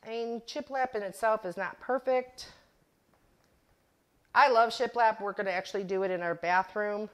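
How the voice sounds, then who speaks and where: A woman's voice: mid-range voice, fairly even intonation, normal speed, long pauses, fairly bright tone. A middle-aged woman hosting a DIY craft livestream, chatting casually and laughing at herself while she demonstrates. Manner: giggly, self-deprecating storyteller. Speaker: craft channel host.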